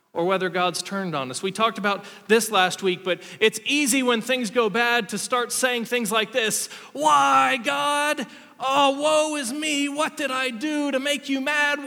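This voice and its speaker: A pastor in his thirties preaches a sermon with a high, bright and forceful voice, a long reverb tail trailing his words. He tells a self-deprecating story about himself, acting out the quotes within it.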